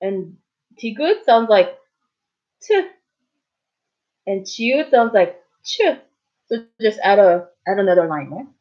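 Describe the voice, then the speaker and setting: A woman in her thirties giving a casual spoken lesson as a language teacher, patiently repeating words slowly and checking in often. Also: mid-range voice, lively intonation. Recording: dull, muffled lo-fi audio.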